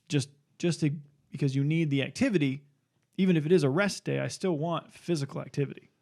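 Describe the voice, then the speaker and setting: Gravelly-voiced man explaining training. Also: mid-range voice, darkish tone. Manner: earnest, explains with many fillers and restarts. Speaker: fitness trainer podcast co-host. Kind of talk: casual chat.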